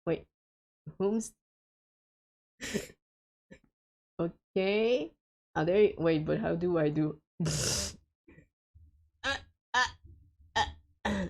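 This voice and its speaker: A woman's voice: on the low side, expressive, extremely slow, pauses often. A woman streaming a co-op game with friends, chatting casually and hesitantly with lots of fillers and frequent giggles.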